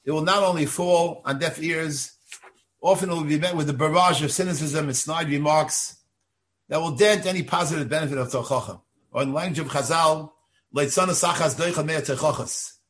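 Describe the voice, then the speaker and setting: An older rabbi lecturing on Torah with steady earnestness, weighing his words as he teaches. His voice sits a touch higher than most men's. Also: brisk. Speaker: rabbi of a synagogue.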